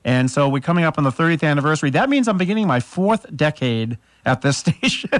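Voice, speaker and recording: A man in his fifties, a longtime radio host, chatting casually with a relaxed, chuckling manner. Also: fairly high pitch, fast talker, dry recording. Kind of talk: casual on-air chat.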